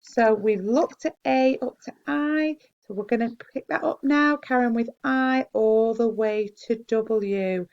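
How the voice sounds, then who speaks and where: A woman teacher giving a slow, clear spelling dictation to young children and praising them gently. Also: a little high, muffled recording. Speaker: primary school teacher.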